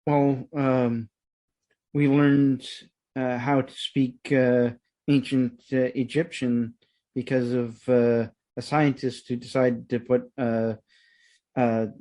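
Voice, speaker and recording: A male podcast host with a mellow, darker voice at a middling pitch. He explains ideas hesitantly, pausing often as he feels his way through. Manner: hesitant, lots of uh fillers when explaining. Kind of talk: casual interview chat.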